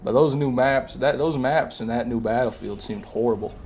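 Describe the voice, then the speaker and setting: A man's voice: medium pitch, moderate pace, a little mellow, faint music behind. A man streaming a game live, chatting casually with viewers and answering their comments, sometimes with sarcastic jabs.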